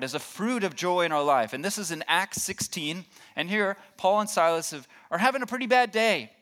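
A man's voice: mid-range voice, a bit bright. A man preaching a sermon in a conversational way, asking the congregation questions and acting out reactions. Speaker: pastor.

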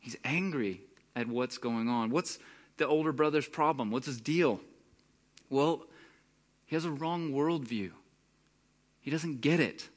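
A man's voice: medium pitch, a little slow, long pauses. A young man preaching a conversational sermon, sometimes acting out the voices of the people in the story. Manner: conversational, acts out characters' voices. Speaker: pastor.

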